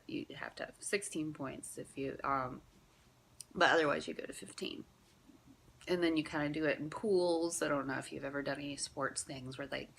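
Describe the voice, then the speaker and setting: A woman's voice: on the low side, a bit bright. A woman, rambling through a casual story, self-deprecating and laughing often. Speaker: vlogger telling stories.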